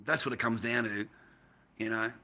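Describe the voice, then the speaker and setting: A sharp-toned, fairly low voice belongs to an Australian mask maker ranting casually on a live stream at home. He speaks at a normal speed with fairly even intonation, swearing constantly, laughing often and wandering off on tangents.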